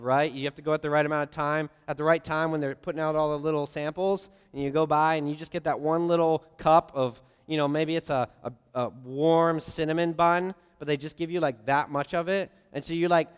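Lively preacher in a reverberant hall. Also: male voice, on the high side, fairly quick, clear, resonant tone. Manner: lively storytelling with playful voiced asides. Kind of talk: sermon.

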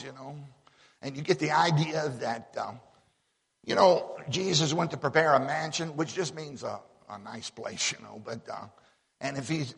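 A man's voice: medium pitch, fairly bright tone, breathy edge. A man preaching a sermon in a folksy, emphatic way, often repeating words as he builds a point. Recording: long hall reverb.

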